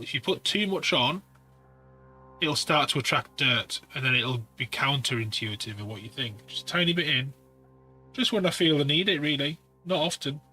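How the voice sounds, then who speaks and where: A man's voice: a little high, bright, forceful tone. A man talking casually through miniature painting tools, rambling with practical asides. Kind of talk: casual hobby tutorial talk.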